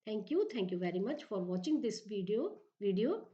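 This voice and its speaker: A woman with an Indian English accent giving a slow, repetitive English literature lecture as a professor, often asking if the class is clear. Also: mid-range voice, very animated, dark tone. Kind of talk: recorded lecture. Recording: dull lo-fi recording.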